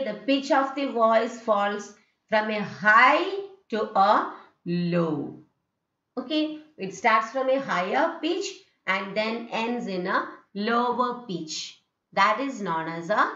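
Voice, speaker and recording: A woman's voice: a little high, a bit bright. A woman with an Indian English accent giving a phonetics lecture, often checking with "okay" and "isn't it", and acting out rising and falling tones. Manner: repeats "okay" and "isn't it", demonstrates intonation. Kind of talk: recorded distance-learning lecture. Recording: dull, roomy classroom recording.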